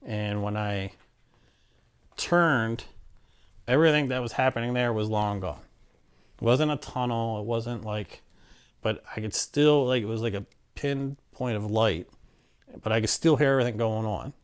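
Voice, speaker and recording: A man telling a personal story in a casual, animated way, with many fillers and restarts and acted-out quotes. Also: medium pitch, a little slow, pauses often, clean tone. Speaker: interviewee telling his story.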